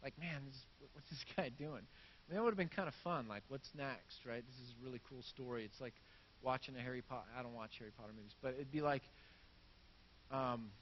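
A man's voice: medium pitch, animated, fast talker, muffled recording. A man preaching a sermon in a casual, conversational way, reading scripture and acting out the crowd's reactions. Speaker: pastor.

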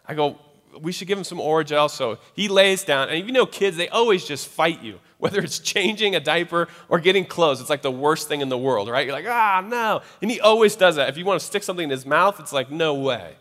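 A young man, a pastor, telling a lively family story in a sermon and closing in prayer. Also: a little high, fast, long reverb tail. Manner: animated storytelling, then soft prayer.

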